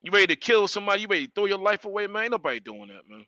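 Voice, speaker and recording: High, bright-voiced man ranting on a livestream. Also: racing, dry recording, muffled recording. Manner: animated, emphatic, repeats himself. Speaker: livestream host. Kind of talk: ranting live stream talk.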